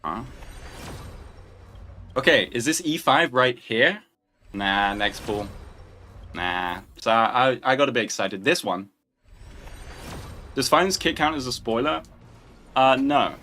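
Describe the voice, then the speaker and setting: Young male stream host, chatty and joking, average pitch, light music in the background. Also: lively intonation, slow pace, long pauses, sharp tone. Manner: chatty, joking, answering viewer questions. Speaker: livestream host. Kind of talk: casual livestream chat.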